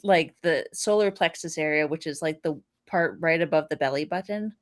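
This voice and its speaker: Podcast guest: woman with a very low voice, reflective, lots of ums. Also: normal speed. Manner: thoughtful, frequent ums and soft laughs. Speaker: guest, Reiki practitioner. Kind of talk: casual podcast conversation.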